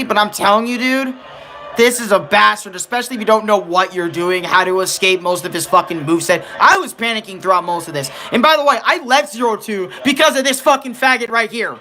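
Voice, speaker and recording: Bright-voiced young man ranting about games. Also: very high voice. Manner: rambling, profane, self-correcting. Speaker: gaming streamer. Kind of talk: casual game commentary.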